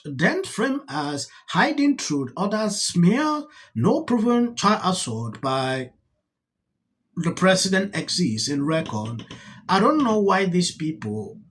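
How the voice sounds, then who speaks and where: A man's voice: high-pitched, husky. A man with a Nigerian accent giving exasperated, emphatic reaction commentary on a talk-show clip.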